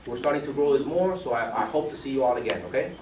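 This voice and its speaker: A man giving a persuasive sales pitch at a meeting with guests, quizzing listeners by name with numbers and questions. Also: animated, fast, darkish tone. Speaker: business opportunity presenter. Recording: echoey room, mic far off, faint background noise.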